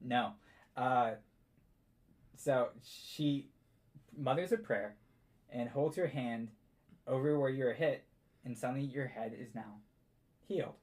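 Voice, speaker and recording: A man running a tabletop game as game master, telling the story in a relaxed way and chuckling often. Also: mid-range voice, slow pace, pauses often.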